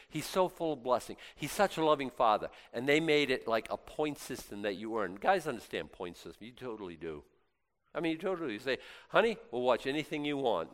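A male pastor delivering a loose, conversational sermon full of jokes. He jumps from loud, animated bursts to quiet, hushed asides, and keeps stumbling into quick stammered restarts. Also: medium pitch. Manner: animated, joking, swings between loud and hushed.

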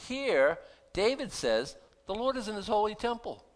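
A pastor preaching a sermon in a conversational, animated way, full of rhetorical questions. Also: male voice, high-pitched, normal speed.

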